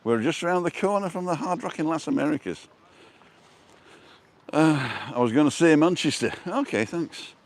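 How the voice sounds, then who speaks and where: A man's voice: on the high side, normal speed. A man hosting a casual walking vlog outdoors, chatting and reading out viewer comments, recorded on a wireless lapel mic. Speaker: vlogger host. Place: outdoors on a seafront promenade.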